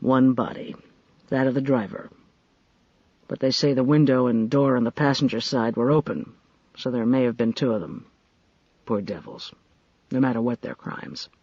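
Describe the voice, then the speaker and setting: Weary, dry-spoken spy chief, low and calm, voiced by a male narrator, slightly dull audio. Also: slightly rough, no echo, lightly acted. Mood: weary, sober. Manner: dry, measured, low-key.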